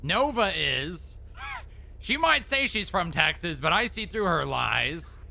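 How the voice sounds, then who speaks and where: A man's voice: on the high side, big pitch swings, takes it slowly, gravelly, pushed and bright. A man streaming in-character role-play chat, joking and swearing casually. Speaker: streamer playing an agent.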